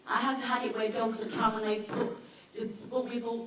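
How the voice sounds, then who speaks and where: A woman with a fairly high voice gives a chatty seminar talk, telling anecdotes and briefly acting out the dogs and people in them. She sounds far from the mic in a very echoey hall, with faint background noise. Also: flat delivery, moderate pace. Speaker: dog behaviour trainer giving a seminar. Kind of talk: informal seminar talk to an audience. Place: seminar room with an audience.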